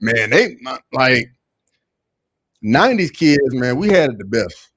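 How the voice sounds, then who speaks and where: A young man with a Southern accent hosts a casual livestream, talking loose and slangy and spiking into loud, excited bursts. His voice sits in a middle register, and it is recorded dry and close with no room behind it. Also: mid-range voice, slow, slightly rough, dry recording. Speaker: livestream host reading chat.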